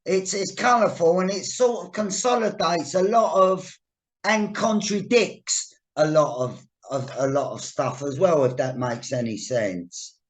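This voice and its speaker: A man's voice: fairly high pitch, expressive, a little slow. A man hosting a casual podcast interview, swearing freely and searching for words with many hesitations. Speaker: podcast host.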